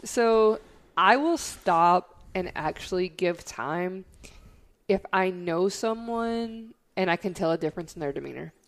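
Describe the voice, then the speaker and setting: A woman's voice: fairly low pitch, expressive, measured pace. A woman co-hosting a podcast, speaking candidly in casual chat and telling stories with quoted asides.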